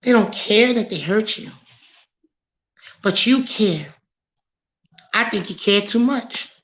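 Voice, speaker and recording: A woman hosting a talk show, animated and preachy, overheated and sweating under studio lights. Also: medium pitch, slow pace. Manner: animated, preachy, laughs a lot. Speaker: podcast host. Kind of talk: casual talk-show discussion.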